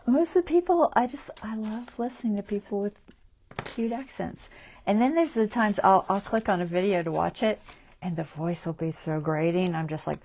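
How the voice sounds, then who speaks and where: A woman hosting a crafting livestream, chatting as she works, thinking aloud, often trailing off softly and laughing at herself. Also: mid-range voice, normal speed, pauses often, slightly rough. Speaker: craft channel host. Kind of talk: casual crafting livestream chat.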